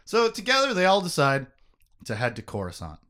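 A man hosting a casual book-discussion podcast, recapping the story with jokes and quick asides. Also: on the high side. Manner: animated, joking, quick asides. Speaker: podcast host.

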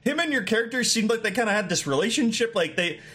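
A man co-hosting a casual game-review chat, animated and sweary, slipping into mock voices. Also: high voice, quick pace, breathy edge. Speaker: podcast co-host.

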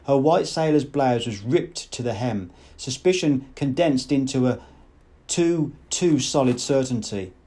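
Mellow male audiobook narrator. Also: medium pitch, expressive, measured pace, husky.

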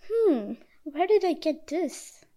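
A soft-spoken junkman, as a woman narrator voices him, kind and fretful, calming a hurt friend. The voice is high and light, kept hushed. He sounds humble and caring. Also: slow, exaggerated voice. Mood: puzzled. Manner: gentle, soothing. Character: kind, poor old male junkman.

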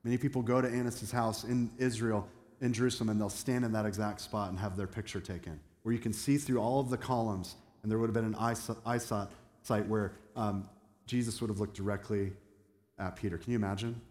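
Preaching with a lowish, darkish voice, a man in a pastor's role talks conversationally and puts questions to the congregation. His intonation is fairly even and his pace brisk. The recording carries the long reverb of an echoey hall.

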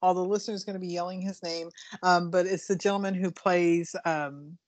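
A woman hosting a podcast, chatty and animated, telling stories and laughing as she talks. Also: on the low side, moderate pace, dry recording. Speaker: podcast host. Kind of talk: casual interview chat.

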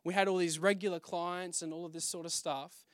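A man's voice: high voice, flat delivery, fairly quick, no room sound, studio quality. A young man preaching a conversational testimony sermon, telling his story with restarts and acting out his own past exclamations. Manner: frequent restarts and fillers, conversational. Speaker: pastor.

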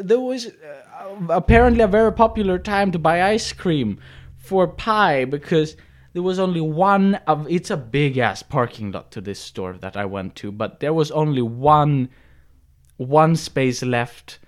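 A man's voice: a little high, lively intonation, a little slow. A man co-hosting a podcast, telling a story in casual chat with many restarts and fillers. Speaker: podcast co-host.

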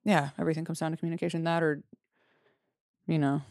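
A woman's voice: low voice, little pitch movement, quick pace, a little mellow, no echo, clean studio sound. A woman co-hosting a podcast, chatting loosely and profanely and reading out listener letters. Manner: loose, profane, laughing often. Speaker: podcast co-host.

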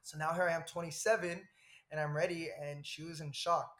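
A man telling an animated personal story, high-voiced. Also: brisk. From Southern California. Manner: animated, laughs often, rambling asides. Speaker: podcast guest.

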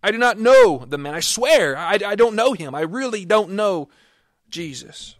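A man's voice: mid-range voice, steady tone, moderate pace, gravelly, a bit bright, no room sound, clean studio sound. A man voicing a frightened grown apostle who frantically swears he does not know his teacher. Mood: desperate denial.

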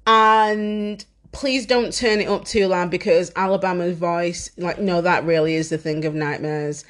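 A woman's voice: fairly low pitch, fairly even intonation, measured pace, a bit bright. Chatty, foul-mouthed woman podcast host. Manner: chatty, rambling, swears often, self-mocking. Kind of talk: casual chat.

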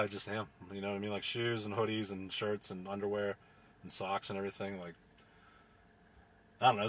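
A man's voice: fairly low pitch, a bit bright, slightly rough. A young man, hosting a casual solo podcast from inside his car, rambling, profane and joking. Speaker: podcast host.

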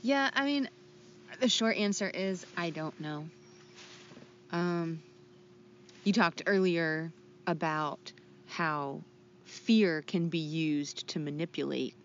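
Low-voiced woman on a podcast, slow and thoughtful, lots of ums, dull lo-fi sound with some hiss. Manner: slow, hesitant, reflective. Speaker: podcast co-host. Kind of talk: casual podcast chat. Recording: dull lo-fi recording with faint noise.

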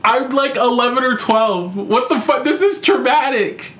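Young man, podcast host, high-pitched, casual storytelling, swears a lot, exasperated, echoey room. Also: measured pace, slight background noise. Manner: profane, animated and exasperated.

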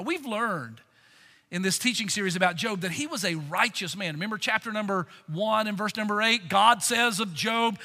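A man preaching a sermon in a church sanctuary, earnest and expressive, often asking the congregation rhetorical questions. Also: high voice, long reverb tail. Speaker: pastor.

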